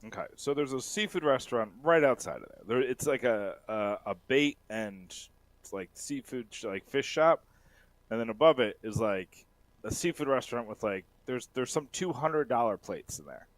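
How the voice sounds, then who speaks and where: A man's voice: mid-range voice, animated, moderate pace. A man co-hosting a casual chat, wandering through a long story with plenty of restarts and fillers. His voice rises and falls a lot as he talks. The sound is dry, with no room echo. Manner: rambling, many restarts and fillers.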